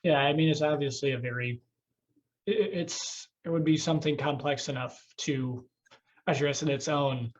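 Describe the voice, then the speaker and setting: A man's voice: fairly high pitch, normal speed, lo-fi sound. A man hosting a podcast, chatting casually, joking and swearing, rambling with restarts. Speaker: podcast host.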